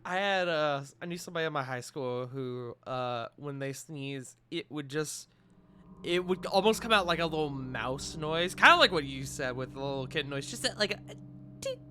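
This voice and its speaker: Lively, bright-voiced game master. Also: mid-range voice, moderate pace, a little hiss or hum. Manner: animated, laughing storyteller. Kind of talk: casual chat while running a tabletop game.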